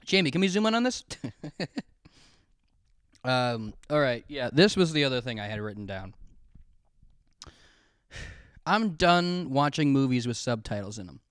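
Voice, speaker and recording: A man's voice: mid-range voice, very animated, a little slow, pauses often, fairly bright tone, clean tone, no room sound, studio quality. A young man hosting a solo podcast, rambling and swearing in a self-mocking comic rant while drinking at home. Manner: profane, rambling, self-mocking, acts out quoted voices. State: drinking alcohol. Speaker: podcast host. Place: alone at home, filming himself. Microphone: camera pointed at his face.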